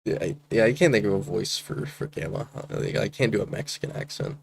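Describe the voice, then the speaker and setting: A man's voice: fairly low pitch, expressive, brisk, creaky, darkish tone, a little hiss or hum. A man streaming, reading along and commenting in a laid-back, filler-heavy way with mumbled asides. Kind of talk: casual commentary.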